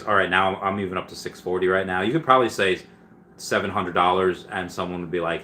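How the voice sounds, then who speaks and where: Man, casual livestream host, deepish voice, rambling fillers, faint hiss. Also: steady tone, fairly quick, bright, forceful tone. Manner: chatty, many fillers and restarts, reads comments aloud. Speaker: livestream host answering viewer questions.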